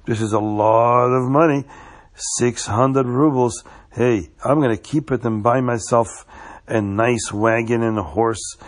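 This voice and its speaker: A man voicing the evil inclination as a sly inner tempter, musing and coaxing in a gravelly voice. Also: mid-range voice, lightly acted.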